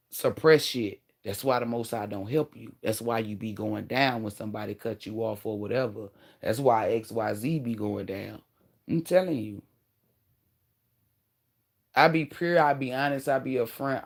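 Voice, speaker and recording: A woman in her thirties giving relationship advice straight to her viewers in a blunt, animated, slangy way, swearing freely. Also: a bass voice, measured pace. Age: 30s. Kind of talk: casual advice monologue to viewers.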